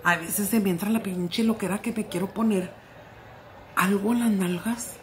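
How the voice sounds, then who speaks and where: A woman's voice: medium pitch, fairly even intonation, brisk. A middle-aged woman vlogger chatting casually while eating, telling stories in a salty, profane, giggly way.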